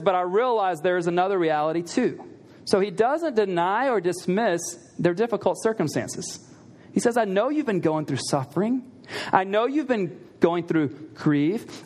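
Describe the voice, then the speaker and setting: A man preaching a sermon in a conversational way, asking the listeners rhetorical questions and repeating key lines for emphasis. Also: sits high. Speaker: pastor.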